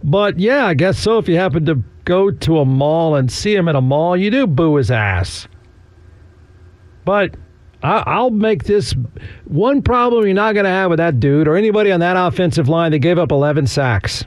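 A man's voice: a little high, expressive, normal speed, no echo. A man hosting a sports talk radio show, chatting casually in a sarcastic, rambling way with frequent chuckles.

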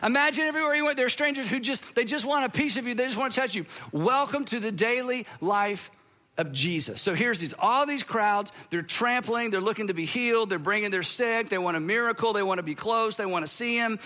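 Middle-aged male pastor, sermon delivery, high and bright, chatty and animated. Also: a little fast. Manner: conversational, animated, acts out quoted voices.

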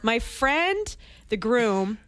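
Candid woman, casual and lively. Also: a little high, drawn-out words. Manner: animated, candid, swears casually. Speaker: podcast co-host. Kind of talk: casual chat.

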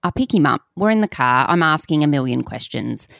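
Aussie mum in her 40s on a podcast, dry wry storyteller, lowish voice. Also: lively intonation, brisk, gravelly, fairly bright tone, no echo. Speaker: podcast co-host. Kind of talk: casual chat.

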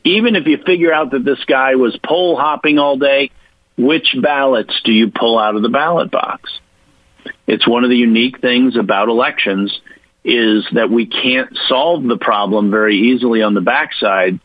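A man from Virginia, a guest on a radio talk show, arguing his points emphatically and spelling them out slowly. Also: medium pitch, no echo, highs cut off. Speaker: political guest. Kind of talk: radio interview, argumentative explaining.

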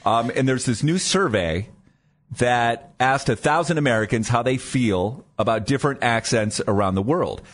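A man's voice: mid-range voice, normal speed. A man co-hosting a morning radio show in a studio, chatting casually and teasing his co-host. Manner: lively, joking, teasing. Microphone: studio microphone.

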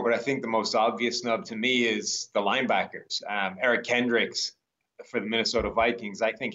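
A man speaking as a football analyst guest on a sports radio show, giving measured, matter-of-fact analysis. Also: on the low side, a bit bright, far from the mic. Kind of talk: casual sports radio interview. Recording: slightly dull remote line.

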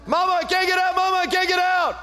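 A man's voice: extremely high pitch, monotone, fast, sharp tone, big-room sound, pitched above the performer's own voice. A man acting out a frightened three-year-old boy who is locked in a bathroom and wails for his mother. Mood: panicked. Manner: wailing, frantic pleading.

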